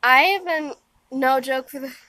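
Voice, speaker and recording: A woman's voice: high-pitched, a little slow, bright, forceful tone, dry recording, low-quality recording. A tired young woman giving a rambling, casual vlog update outdoors in the wind, full of fillers and restarts. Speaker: vlogger.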